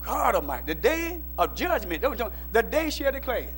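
A man preaching a sermon, his voice pitched very high and bright. He swings from quiet, low asides to loud shouted exhortation, talking in plain folksy speech. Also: big pitch swings, fairly quick, faint music behind. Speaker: pastor. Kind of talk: call-and-response sermon.

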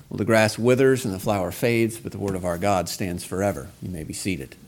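A pastor delivering a Sunday sermon, reading scripture aloud with slow, emphatic stress on key phrases. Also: male voice, lowish voice.

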